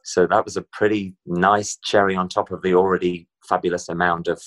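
A man's voice: deep voice, brisk. A middle-aged man from Britain, telling stories as an interview guest. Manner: chatty, animated storyteller. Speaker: guest performer. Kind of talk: casual interview chat.

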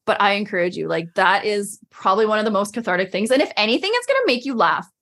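A woman's voice: medium pitch, big pitch swings, fast, fairly bright tone. A woman in a casual podcast chat, talking as a coach, chatty and full of "like", acting out her own inner voice.

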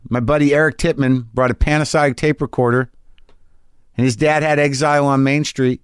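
A man's voice: medium pitch, brisk, clean tone, dry recording. Guy rambling thru a story on his garage podcast, swears a lot, dry close sound. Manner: rambling, profane, excitable storytelling. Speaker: podcast host. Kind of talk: casual storytelling monologue. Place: home garage studio.

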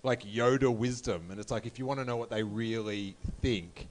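A man's voice: mid-range voice, normal speed, a little hiss or hum. A man hosting a casual podcast, wry and joking, with many fillers as he asks questions. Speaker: podcast host.

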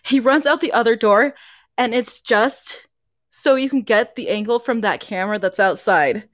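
A woman's voice: fairly high pitch, normal speed, no echo, studio quality. A young woman co-hosting a podcast, chatting casually and laughing often as she talks. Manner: giggly, laughs often while talking. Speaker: podcast co-host. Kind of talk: casual chat.

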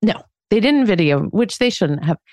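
A woman's voice: medium pitch, animated, moderate pace, darkish tone, dry recording, clean studio sound. A woman in her forties co-hosting a podcast, telling a story in a candid, self-mocking way and laughing at herself often. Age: 40s. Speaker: podcast co-host. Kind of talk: casual chat.

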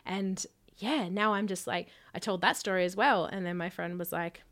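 A woman co-hosting a podcast in casual chat, telling stories in an animated way and swearing freely. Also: medium pitch, normal speed. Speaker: podcast co-host.

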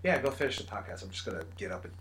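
A man co-hosting a casual movie review podcast, animated and acting out scenes as he talks. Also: fairly low pitch, very fast, crowd noise. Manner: animated, acts out scenes in bursts. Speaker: podcast co-host.

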